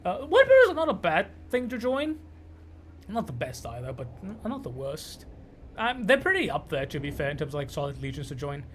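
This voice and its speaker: A man's voice: on the high side, wildly swooping pitch, a little fast, a bit bright, a little hiss or hum. A man from Canada giving loose, sweary, rambling commentary while streaming a game. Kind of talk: casual gameplay commentary.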